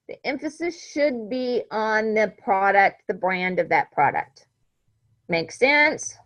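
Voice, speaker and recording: A woman's voice: a little high, a bit bright, poor audio. A woman teacher giving a classroom lecture, talking conversationally and checking understanding with frequent "right?".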